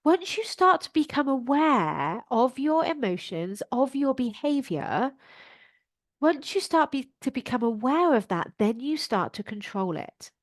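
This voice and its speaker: A woman, a life coach, hosting her podcast in an animated motivational style and acting out her own inner voice. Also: high-pitched, unhurried, dry recording, studio quality.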